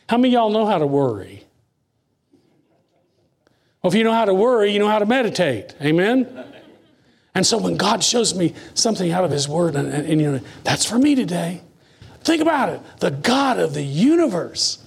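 Man, preacher, fairly high voice, emphatic then whispered, slow scripture reading. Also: very animated, vocal fry, husky. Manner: swings from high emphatic lines to low hushed asides; reads scripture slowly and deliberately. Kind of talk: sermon.

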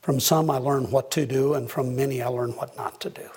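Husky-voiced male pastor preaching earnestly. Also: steady tone, a little fast, darkish tone. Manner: earnest preaching, rising pitch for emphasis. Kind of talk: sermon.

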